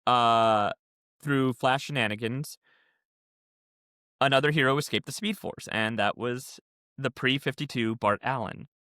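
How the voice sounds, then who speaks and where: A man's voice: mid-range voice, unhurried, long pauses, sharp tone, clear, resonant tone, dry recording, studio quality. A man co-hosting a podcast, explaining things in a rambling, casual way. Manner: rambling, explains comic continuity at length. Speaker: podcast co-host. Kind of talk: casual chat.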